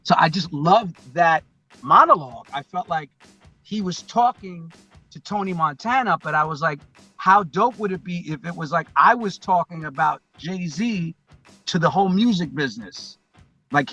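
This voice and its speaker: A man's voice: sits high, moderate pace, faint music behind. A man, a guest on a podcast, telling a long story casually and acting out what people said. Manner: animated storyteller, acts out quotes. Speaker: guest, hip-hop intro performer.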